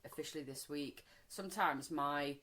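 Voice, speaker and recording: A woman's voice: low voice, moderate pace, fairly bright tone, low-quality recording. A woman in her forties from the Wirral, co-hosting a casual chat podcast, talking freely, swearing and acting out bits of dialogue. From the Wirral, England. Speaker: podcast co-host.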